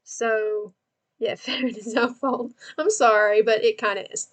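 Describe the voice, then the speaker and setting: A young woman with an Australian accent chats her way through a livestream. She laughs a lot and talks back to her viewers as she works. Her voice sits a little on the high side. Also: steady tone, unhurried. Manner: giggly, chatty, talks to chat while working. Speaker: livestream host. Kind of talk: casual livestream chat.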